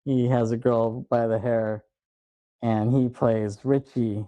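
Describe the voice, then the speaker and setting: A man's voice: medium pitch, level tone, slow, warm tone, no room sound, muffled recording. A man co-hosting a film podcast, chatting casually and retelling scenes at length. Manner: rambling retelling of movie scenes. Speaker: podcast co-host.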